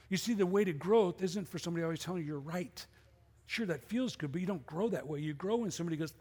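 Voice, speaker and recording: A man's voice: high-pitched, quick pace, darkish tone, breathy edge, long reverb tail. A middle-aged man preaching a sermon as pastor, conversational and full of rhetorical questions. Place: church sanctuary.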